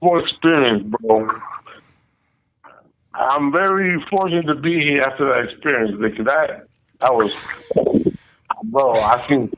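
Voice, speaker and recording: A man who is a podcast guest, telling a story in casual chat with slow, dramatic delivery that trails off. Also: medium pitch, a bit bright, no room sound, rough recording. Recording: faint background noise.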